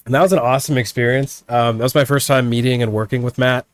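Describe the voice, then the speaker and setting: Male guest musician, relaxed, mid pitch, dry close sound. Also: fast talker, dry recording. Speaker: band member guest. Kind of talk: casual chat.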